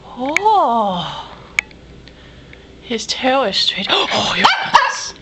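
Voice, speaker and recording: Very high-voiced goofy woman teasing pets. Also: big pitch swings, very slow. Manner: goofy mock-pirate slang, teasing her pets. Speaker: pet owner filming her pets. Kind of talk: playful home video commentary. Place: at home indoors. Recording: noisy home camcorder audio.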